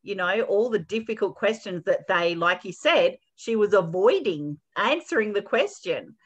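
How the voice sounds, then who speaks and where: A woman's voice: medium pitch, animated, moderate pace, muffled recording. A woman radio show host interviewing a guest, speaking in encouraging, long flowing sentences. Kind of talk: conversational interview.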